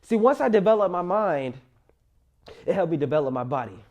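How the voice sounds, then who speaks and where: A man's voice: high voice, lively intonation, brisk, a little mellow, dull audio. Earnest young man telling his story. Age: young adult. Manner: earnest, emphatic, motivational. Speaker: college student sharing his life story. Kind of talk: personal storytelling to camera.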